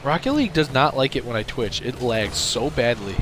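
A young man streaming a game, shouting excited commentary and bossy coaching at his teammate. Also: mid-range voice, brisk, noisy background. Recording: game music behind.

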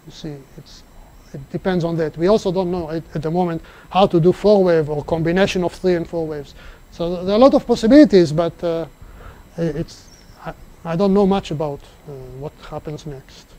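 A man giving a mathematics seminar lecture, explaining step by step and pausing to think, with restarts. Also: fairly high pitch, warm tone. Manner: halting, thinking aloud with restarts. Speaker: seminar speaker. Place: seminar room.

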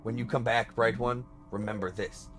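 A man voicing a cruel, menacing male king who gloats in a low, slow, taunting voice. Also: steady tone, a bit bright, faint music behind, natural voice.

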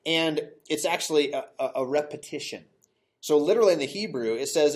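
A pastor with a slightly high voice, speaking a little fast, gives an expository sermon in a church sanctuary, working through the text verse by verse. He patiently guides his congregation, asks rhetorical questions, and corrects his own slips along the way.

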